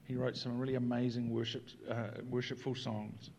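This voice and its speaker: A man preaching a sermon in an earnest way, moving between quiet reflection and animated emphasis. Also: mid-range voice, moderate pace, highs cut off, slight background noise. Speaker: pastor.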